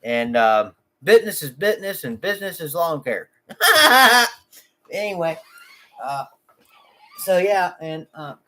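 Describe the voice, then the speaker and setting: A man's voice: a little high, lively intonation. A man who runs a small lawn care business, rambling casually and joking to his vlog viewers, often taking his jokes back. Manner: jokey, rambling, quick to say he's kidding.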